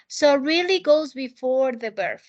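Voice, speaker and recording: A woman's voice: high-pitched, expressive, measured pace, lo-fi sound. A woman teaching an English lesson, asking students questions, praising answers and repeating key points. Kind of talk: live online English lesson.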